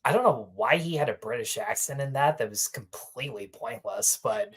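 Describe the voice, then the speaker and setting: A man hosting a casual film review chat, telling animated stories and swearing freely. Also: medium pitch, moderate pace, gravelly, husky. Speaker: podcast host.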